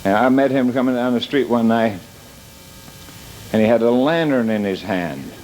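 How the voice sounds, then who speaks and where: A man's voice: medium pitch, a little mellow, a little hiss or hum, rough recording. A man telling comic stories on stage, stumbling and restarting his words as he goes. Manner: halting, stammering restarts. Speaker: comedian. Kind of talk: stand-up storytelling.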